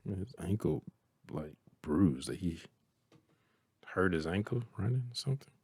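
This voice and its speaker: Southern man, low voice, casual reaction host, blunt and profane, dry close sound. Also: animated, unhurried, a little mellow, husky, no echo. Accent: Southern American. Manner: profane, blunt, laughing, mimics characters.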